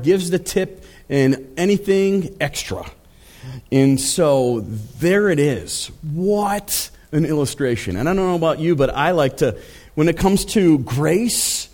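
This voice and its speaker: A man's voice: fairly high pitch, darkish tone. A male pastor preaching a sermon in a conversational storytelling way, with frequent fillers and asides to the congregation.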